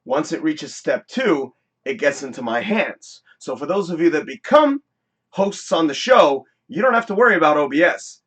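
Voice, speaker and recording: A man hosting a casual live-streamed talk show, rambling, excitable and swearing freely in a home studio. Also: on the high side, moderate pace, husky.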